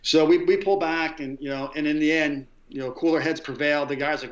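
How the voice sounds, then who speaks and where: A middle-aged man with a fairly high voice tells service stories in a loose, rambling way, filling gaps with "um" and "you know". His audio sounds a little muffled and dull, like a modest podcast setup. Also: steady tone, fairly quick, hardly any pauses, roomy sound. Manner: rambling, frequent fillers and quoted dialogue. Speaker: guest, retired Marine gunner. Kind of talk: conversational storytelling.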